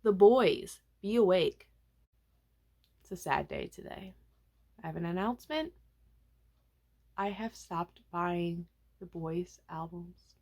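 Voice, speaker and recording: A young woman vlogger chatting casually about music releases, animated and self-mocking, with frequent asides. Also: fairly low pitch, takes it slowly, vocal fry, pauses often. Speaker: K-pop vlogger. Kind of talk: casual chatty album review.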